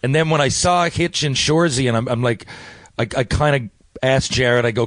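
A man's voice: mid-range voice, fairly quick, fairly bright tone, no room sound. A middle-aged man from Newfoundland with a Newfoundland accent, a guest telling stories in a loose, rambling way with many restarts, talking remotely from his home. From Newfoundland, Canada. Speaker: actor, guest. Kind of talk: casual interview chat. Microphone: remote interview from home.

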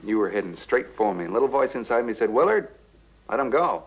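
A man's voice: mid-range voice, very animated, brisk, slightly rough, lo-fi sound. An actor playing a drunk, cowardly rich man who rambles with a bitter, wistful edge. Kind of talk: TV drama acting.

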